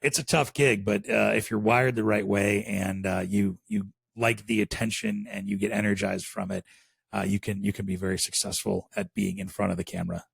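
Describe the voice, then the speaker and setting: Male guest, Chicago accent, low husky voice, dry recording, loose conversational delivery. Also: moderate pace, no room sound. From Chicago area. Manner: relaxed, rambling with many fillers. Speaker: podcast guest. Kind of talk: casual interview chat.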